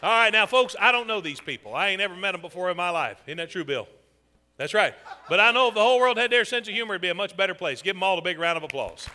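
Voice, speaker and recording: A man hosting a comedy show, teasing audience members in a loud, folksy way. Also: high voice, expressive, quick pace, faint music behind, some chatter behind. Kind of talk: audience participation stand-up. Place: theater stage with live audience. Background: audience laughter.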